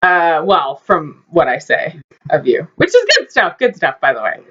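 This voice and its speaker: A woman's voice: sits low, big pitch swings, moderate pace, a bit bright. Giggly woman reading a word list. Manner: giggly, playful. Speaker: vlog co-host. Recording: dull lo-fi audio.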